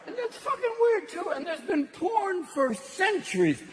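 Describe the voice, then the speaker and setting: A manic male stand-up comic whose voice sits unusually high and leaps all over the place. He fires off bits and snaps into quick mimicry, recorded in a noisy live venue. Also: huge pitch swings, some chatter behind. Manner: manic, rapid-fire, mimicking. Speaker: comedian.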